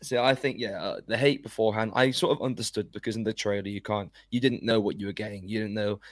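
Low-voiced relaxed male co-host. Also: fast, no echo. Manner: relaxed, hesitant with fillers and restarts. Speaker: podcast co-host. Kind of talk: casual chat.

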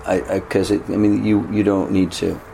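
A low-pitched man answers questions in an old interview clip. His voice is gravelly, and his speech runs quickly with halting restarts over faint room noise. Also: little pitch movement, dark tone. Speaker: interviewed musician. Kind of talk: archive interview.

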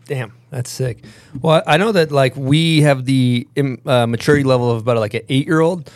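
A man's voice: mid-range voice, normal speed, no echo. A man hosting a podcast, joking and slangy as he jumps between questions. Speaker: podcast host. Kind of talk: casual interview chat.

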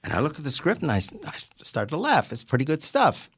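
A man's voice: on the high side, fast talker, husky, no room sound, studio quality. A man in his eighties, a character actor telling showbiz anecdotes in an interview, acting out the voices as he goes. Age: 80s. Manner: animated storyteller who acts out voices and laughs often.

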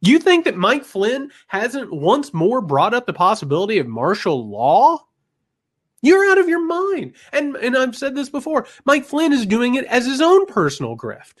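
Man, heated political podcast talk, high voice, emphatic, outraged then grim. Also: huge pitch swings, normal speed. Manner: impassioned, emphatic, swings from loud outrage to low grim asides. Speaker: podcast co-host, political commentator.

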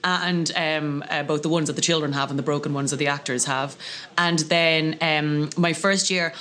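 A woman in her thirties, a comedian guest telling lively comic anecdotes over lunch and slipping into voices. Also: low-pitched, moderate pace.

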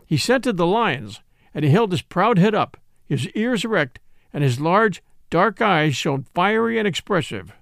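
Gravelly, lively male western narrator. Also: sits high, measured pace, no room sound, clean studio sound. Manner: lively, expressive storytelling. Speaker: host and audiobook narrator. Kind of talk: reading a classic western novel aloud.

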